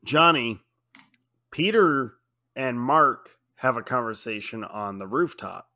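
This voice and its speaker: A man's voice: mid-range voice, expressive, takes it slowly, bright, forceful tone. A man co-hosting a casual movie podcast, recapping scenes with frequent laughter. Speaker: podcast co-host.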